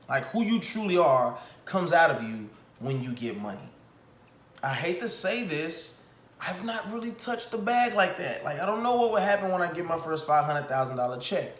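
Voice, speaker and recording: Young guy ranting on his vlog, kinda high voice, mocking and fed up, echoey room. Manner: animated, exasperated, mocking. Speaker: commentary vlogger. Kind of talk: casual ranting commentary.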